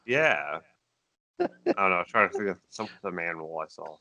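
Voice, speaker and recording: A man's voice: sits low, expressive, normal speed, bright, forceful tone, no room sound. A man co-hosting a casual podcast, stuffed up from a cold, making dry sarcastic asides. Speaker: podcast co-host.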